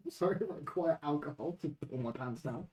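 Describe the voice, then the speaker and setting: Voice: medium pitch, a little fast, darkish tone, low-quality recording. A player at a tabletop game, defending themself with a laugh during playful banter.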